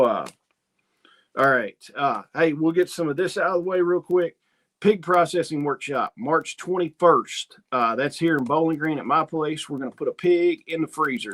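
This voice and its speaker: On his homesteading channel's livestream, this host reads viewer comments and spins loose, folksy yarns sprinkled with quoted asides, all in a casual chatty way. His voice sits fairly high and has a fairly bright tone.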